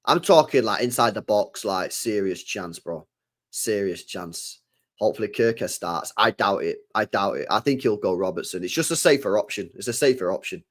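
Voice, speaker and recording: A man's voice: lowish voice, expressive, fairly quick, few pauses, a bit bright. A young man, chatting casually on a livestream, repeating phrases and ending lines with mate and bro. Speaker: football channel host. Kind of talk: casual livestream chat reading super chats.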